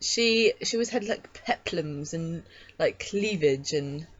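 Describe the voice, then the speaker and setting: A woman's voice: low voice, lively intonation, slow. A woman co-hosting a casual podcast, teasing and sarcastic as she talks about a soap character. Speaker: podcast co-host. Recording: dull lo-fi sound.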